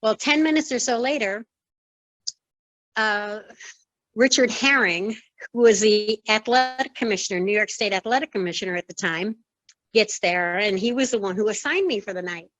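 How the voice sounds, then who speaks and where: A woman's voice: medium pitch, normal speed, dry recording, rough recording. A woman in her sixties, a former wrestling referee, telling her story in an interview and acting out the other people's lines. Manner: lively storyteller who acts out quoted dialogue. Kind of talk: conversational storytelling.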